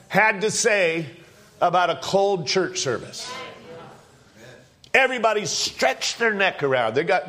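High-voiced man preaching a folksy sermon. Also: a bit bright. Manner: conversational, joking, storytelling. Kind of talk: informal sermon.

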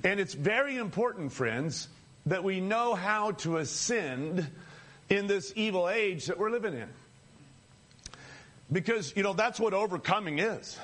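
A man with a notably high voice preaches a sermon. He speaks to his listeners as friends and builds his points through repetition, with brief chuckles in between. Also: fairly bright tone.

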